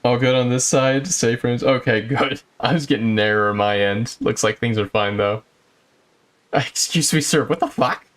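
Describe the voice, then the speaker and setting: A man's voice: mid-range voice, moderate pace, fairly bright tone. Joking, crude male game streamer. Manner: joking, crude, self-mocking. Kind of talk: casual gameplay commentary.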